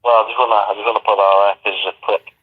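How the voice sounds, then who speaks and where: A halting man rambles down a tinny, phone-like line, stumbling through pauses and fillers. His voice sits low, and the phone call clips the sound thin and narrow. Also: level tone, breathy edge. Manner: hesitant, halting, many fillers. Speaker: phone-in caller.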